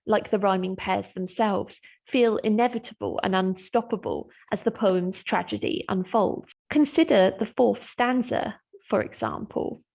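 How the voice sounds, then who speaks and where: Gravelly-voiced woman lecturer explaining poetry. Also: medium pitch, dull audio. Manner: clear, measured explanatory delivery, slowing to read verse aloud. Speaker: English literature lecturer. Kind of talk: scripted lesson on poetry.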